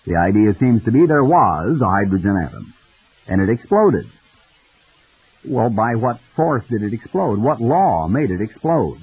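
A man preaching a radio sermon in a folksy, storytelling manner, with a husky voice. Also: lowish voice, big pitch swings, measured pace. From United States. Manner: folksy storytelling, mimics voices in quoted dialogue. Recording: dull lo-fi radio broadcast.

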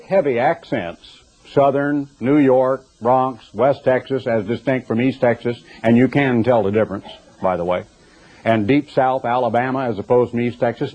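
An older man preaching a radio sermon in a conversational, digressive and emphatic way. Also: mid-range voice. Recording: dull lo-fi recording.

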